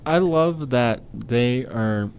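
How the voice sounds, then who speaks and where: Halting man with blunt sports takes. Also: mid-range voice, gravelly, clean tone. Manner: halting, restarts often, blunt opinions. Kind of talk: casual sports chat.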